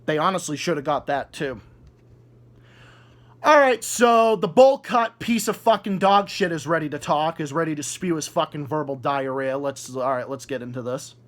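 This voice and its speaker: A man hosting an angry rant video, swearing and shouting insults in a furious way. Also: on the high side, moderate pace. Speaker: video host.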